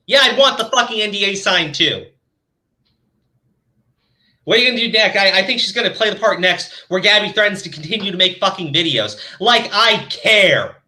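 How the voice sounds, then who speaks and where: A man rants in a fired-up commentary, swearing at almost every turn. His voice sits high and leaps all over the place. It rings very bright and sharp. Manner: angry, swearing, ranting. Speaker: commentary channel host. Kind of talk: profane reaction commentary.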